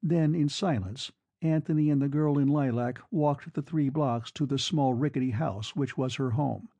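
A man narrating a classic novel in a measured, unhurried reading. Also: mid-range voice, dark tone, no echo. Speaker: audiobook narrator.

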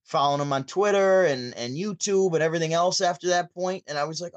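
Man from Syracuse, New York, podcast guest, animated storytelling, slightly high voice, dry sound. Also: a little fast, hardly any pauses, dry recording. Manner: chatty, animated, with frequent restarts. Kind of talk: casual storytelling. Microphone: remote call.

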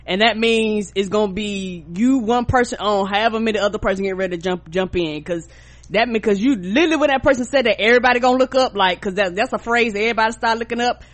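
A woman from the South, co-hosting a podcast in casual chat and acting out quotes with big pitch jumps. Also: fast. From American South. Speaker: podcast co-host.

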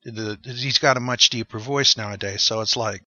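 A man's voice: mid-range voice, steady tone, moderate pace, sharp tone. A man speaking as a guest in a casual discussion, loose and chatty with lots of fillers. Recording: dull, dry sound.

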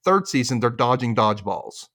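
Brief: young male podcast host, mid pitch, very expressive intonation, chatty and laughing. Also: normal speed. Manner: animated, chatty, self-amused with frequent laughs. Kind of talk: casual episode recap.

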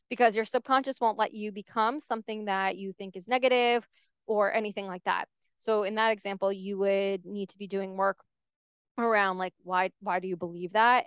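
A podcast host talks through a casual solo monologue, candid and animated, saying "like" a lot. Her voice is medium in pitch, clear and resonant, recorded dry with studio quality.

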